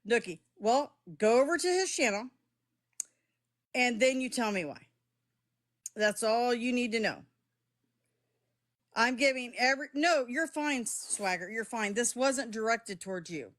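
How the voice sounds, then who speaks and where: Middle-aged woman streamer with a slightly high voice, defensive and blunt with chat, cursing freely. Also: animated, a little slow, long pauses, a bit bright. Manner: heated, defensive, swears, talks straight to chat. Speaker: live streamer. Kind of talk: live-stream chat with viewers.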